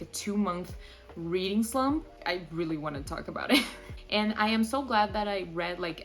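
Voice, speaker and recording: Young woman doing a chatty book review vlog, super animated, says like a lot, laughs a bunch. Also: lowish voice. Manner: gushing, animated, lots of "like" and laughs. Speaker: book vlogger. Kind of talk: casual book review chat.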